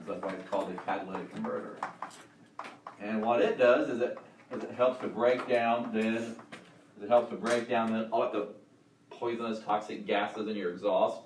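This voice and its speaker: A man teaching a college chemistry class, upbeat and quizzing his students, with frequent restarts. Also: lowish voice. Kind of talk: classroom lecture. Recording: roomy classroom sound, faint noise.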